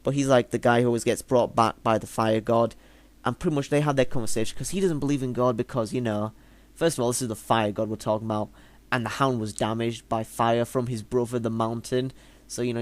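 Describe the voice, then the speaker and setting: A young man talks through a TV episode in a loose, rambling review. His pitch sits in a middling range for a man. He fills his talk with fillers and drops swear words casually. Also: a little fast. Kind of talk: casual video review monologue.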